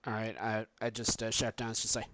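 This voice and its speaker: A man's voice: lowish voice, monotone, a little fast, a bit bright, no echo. A man playing a tabletop game, chatting casually and laughing often, at times with a slight lisp. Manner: laughing often, lisping at moments. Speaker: tabletop player.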